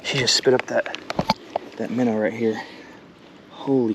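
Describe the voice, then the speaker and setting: A man vlogging as he fishes a creek outdoors, excitedly talking to the fish he catches. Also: mid-range voice, unhurried. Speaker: fishing vlogger. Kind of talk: casual outdoor commentary. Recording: outdoor camera audio with water noise. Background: running water and outdoor noise.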